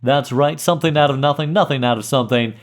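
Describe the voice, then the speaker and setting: A man's voice: mid-range voice, fast, close to an everyday voice. A man doing a hammy radio announcer. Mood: hyped. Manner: hyped announcer delivery. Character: booming male radio announcer. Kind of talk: mock radio ad read.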